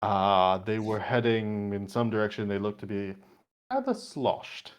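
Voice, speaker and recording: A man's voice: fairly low pitch, animated, a little slow, clean tone. A man voicing an eccentric old male shopkeeper who loves the colour purple and speaks in a genteel, haggling manner. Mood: recalling. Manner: genteel, haggling, pipe-puffing.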